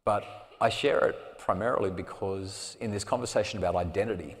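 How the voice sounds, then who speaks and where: A man's voice: on the low side, brisk. Man telling a story in a hall. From Australia. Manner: earnest, drops to a soft hush at emotional moments. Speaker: parenting speaker. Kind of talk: live storytelling talk. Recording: long reverb of a hall.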